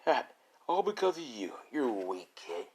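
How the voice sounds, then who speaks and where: A man's voice: mid-range voice, very animated, measured pace, darkish tone, slightly rough, voice pushed up. A man voicing a cruel, mocking grown male thug in a spoken fan story, taunting and sneering.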